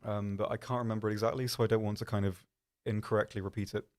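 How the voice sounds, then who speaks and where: A man's voice: fairly low pitch, little pitch movement, quick pace. A man hosting a live stream, chatting casually in a rambling, self-deprecating way with lots of ums. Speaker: stream host.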